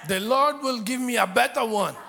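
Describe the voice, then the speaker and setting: A man voicing a calm, deeply faithful prophet with a thick African accent, serenely unbothered. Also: moderate pace, gravelly, slight background noise.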